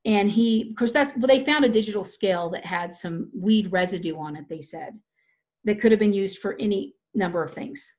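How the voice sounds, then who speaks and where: A woman's voice: medium pitch, moderate pace, darkish tone. A woman talking in a loose, rambling way, often restarting her sentences as she tells a personal story in casual chat.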